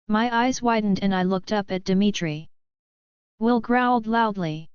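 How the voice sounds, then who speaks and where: A woman reading a romance audiobook in steady first-person narration. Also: mid-range voice, moderate pace, clean tone, no room sound, highs cut off.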